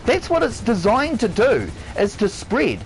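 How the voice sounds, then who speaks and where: A man's voice: extremely high pitch, huge pitch swings, measured pace, vocal fry, a little hiss or hum, rough recording. Ranting, swearing New Zealand man. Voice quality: swears constantly, shouts and drops his voice, repeats himself. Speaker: live game streamer. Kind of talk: heated rant on a live stream.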